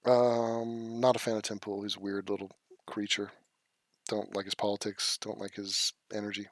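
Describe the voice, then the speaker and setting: A man's voice: lowish voice, flat delivery, moderate pace, dry recording. A man hosting a casual livestream, reading chat comments aloud and answering them in a blunt, profane, scoffing way. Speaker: livestream host.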